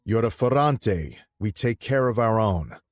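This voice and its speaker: Guy doing a cocky young mob brother, way higher voice, jokey and mocking, slow. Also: animated, no echo, studio quality. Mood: joking. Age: young adult. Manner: wisecracking, mocking. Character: brash joking younger male mafia brother.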